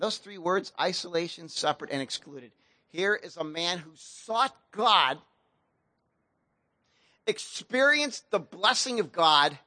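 A man's voice: fairly high pitch, bright, forceful tone, no echo. A man pastor preaching a sermon in a casual, slangy storytelling way.

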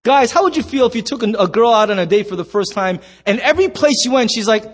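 High-voiced man preaching a lively sermon. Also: fast, hardly any pauses. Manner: animated storytelling, acts out voices and shouts. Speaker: pastor.

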